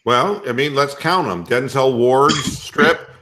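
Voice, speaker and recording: A man's voice: mid-range voice, slow pace, pushed and bright, slight background noise. A man hosting a casual sports podcast, joking and crude. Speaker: podcast host.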